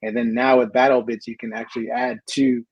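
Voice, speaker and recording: A man with a husky voice chats as a guest on a stream. He sounds easygoing, and his sound is dry with no room echo. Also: mid-range voice, little pitch movement, brisk, lo-fi sound. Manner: easygoing, laughs often. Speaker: toy designer guest. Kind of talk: casual chat.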